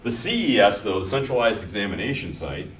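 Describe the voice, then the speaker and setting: Deep-voiced middle-aged man lecturing a class. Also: lively intonation, brisk. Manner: conversational, telling anecdotes between explanations. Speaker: instructor. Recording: echoey classroom from far off, faint noise.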